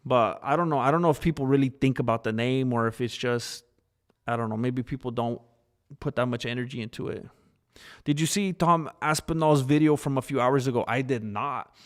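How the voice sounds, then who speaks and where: A man live-streaming in a loose, rambling way, talking straight to his chat. He laughs easily and drifts from one thought to the next, with a voice that sits in an ordinary middle pitch. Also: fairly quick.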